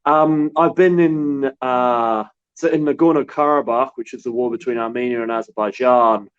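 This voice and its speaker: A man from New Zealand, a war correspondent, telling stories in a relaxed, halting way. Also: medium pitch, smooth, highs cut off. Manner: relaxed storytelling with many restarts. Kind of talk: casual remote interview.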